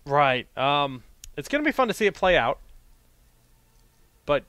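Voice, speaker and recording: A man's voice: a little high, measured pace, clean tone, no room sound. A young man casting an esports match and joking with his co-caster on a headset mic. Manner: animated, joking. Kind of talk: casual esports commentary.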